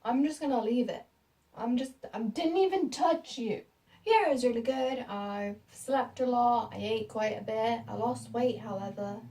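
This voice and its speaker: A woman's voice: fairly high pitch, moderate pace, dark tone, recorded from a distance, rough recording. A British young woman in her late teens, telling a story to camera in a rambling, giggly, self-mocking way. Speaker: vlogger.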